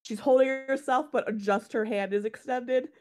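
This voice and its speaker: A woman's voice: fairly high pitch, moderate pace. A woman playing a tabletop role-playing game, talking animatedly with many fillers. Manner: animated, laughing, many likes. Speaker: player. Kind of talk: casual tabletop role-play.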